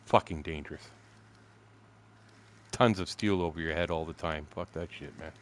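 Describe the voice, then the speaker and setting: A man in his sixties telling profane stories casually while streaming a fishing game, acting out shouted quotes. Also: rumbling low, moderate pace, a little hiss or hum. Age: 60s. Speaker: gaming streamer. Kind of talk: casual storytelling while gaming.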